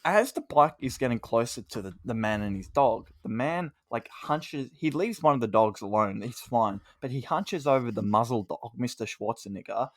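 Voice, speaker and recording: A man co-hosts a comedy podcast and tells a story with lively asides, acting out what people said. His voice sits at a middling pitch. The sound is dry and close. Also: normal speed, few pauses, dry recording. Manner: animated storyteller, acts out quoted lines. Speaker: podcast co-host.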